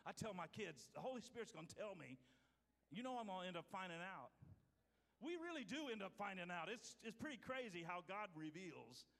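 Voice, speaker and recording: A male pastor preaching a sermon, swinging from loud to hushed. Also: sits high, wildly swooping pitch, moderate pace. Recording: hall reverb.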